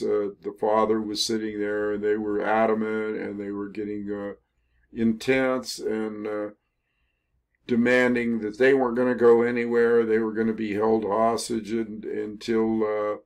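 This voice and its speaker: An older man telling a history story in a casual, rambling way, with many pauses, fillers and self-corrections. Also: fairly low pitch, vocal fry, a little mellow. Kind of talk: casual spoken history narration over photos.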